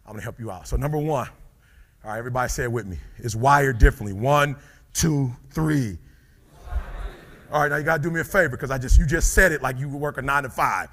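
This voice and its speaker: A middle-aged man giving a live motivational speech, dropping to low murmurs and rising to shouted peaks, calling out to the crowd. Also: fast. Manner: preacher-like call and response with the crowd. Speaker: motivational speaker.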